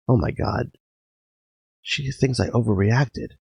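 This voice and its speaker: A man with a low, gravelly voice narrates a personal story in a dramatic first person, swinging between hushed passages and sharp outbursts. His tone has a husky edge, and the sound is dry and close. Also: moderate pace. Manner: intense, emotional, swinging between quiet and sudden loud outbursts. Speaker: podcast host. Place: garage.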